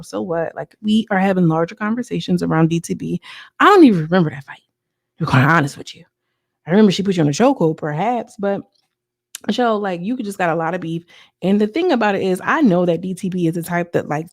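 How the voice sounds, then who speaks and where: A woman recapping a reality show episode in a chatty, animated way, slipping into quoted voices and slang. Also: on the low side, no echo, clean studio sound. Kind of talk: casual recap commentary.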